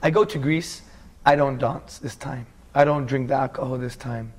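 A man's voice: medium pitch, fairly even intonation, normal speed, a little mellow. A man in his forties from England, earnestly telling his life story as a guest in a casual interview and calling the host bro.

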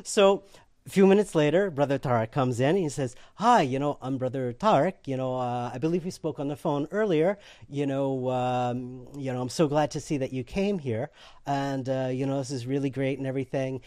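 A man telling a personal story in casual conversation, animated and laughing often as he acts out what other people said. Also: mid-range voice, normal speed, dry recording, studio quality.

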